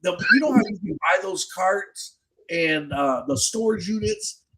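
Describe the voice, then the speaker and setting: A man's voice: high-pitched, animated, a little slow, bright, forceful tone, poor audio. A man hosting a podcast and telling a long, casual story in slangy, profane speech, with many restarts. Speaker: podcast host.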